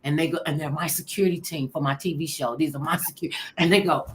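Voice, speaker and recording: A middle-aged woman spins funny stories in an animated, playful way, slipping into other voices as she goes. Her voice sits a bit low for a woman, and a faint hiss of room sound is underneath. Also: fast talker. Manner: animated, laughing storyteller who acts out quotes. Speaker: show host. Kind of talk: storytelling chat.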